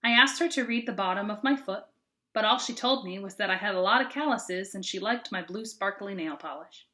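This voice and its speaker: A woman reads a novel aloud for a sixth-grade class, telling it in an expressive, casual way. Her voice is bright and clear. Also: medium pitch.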